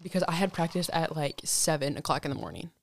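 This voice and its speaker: Low-voiced young woman telling a story. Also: fast. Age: young adult. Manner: animated storytelling with frequent swearing and fillers. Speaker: guest telling a college story. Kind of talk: casual podcast chat.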